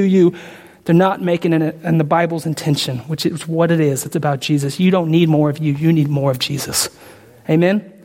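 Emphatic high-voiced preacher in a reverberant hall. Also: male voice. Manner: emphatic, repetitive, rising to loud climaxes. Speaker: pastor. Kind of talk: sermon. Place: church.

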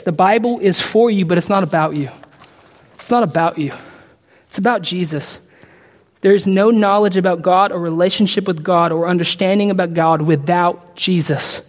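A man preaching a sermon as pastor, emphatic and repetitive, building to loud climaxes and asking the congregation for an amen. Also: sits high, long reverb tail. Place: church.

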